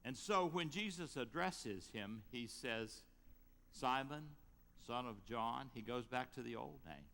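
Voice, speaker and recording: A man preaching a sermon as pastor, retelling a story with lively rises and drops in his voice. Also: medium pitch, in a large hall. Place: church sanctuary.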